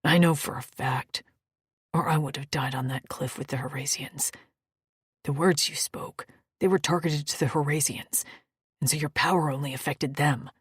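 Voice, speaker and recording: A fierce, scarred alien warrior man, as a woman voices him with a low, gruff growl pushed well below her own pitch. He speaks through gritted teeth in a husky, breathy tone. It is a dry, close audiobook recording. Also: steady tone, moderate pace, dry recording. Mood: stern, growling. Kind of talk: audiobook character voice.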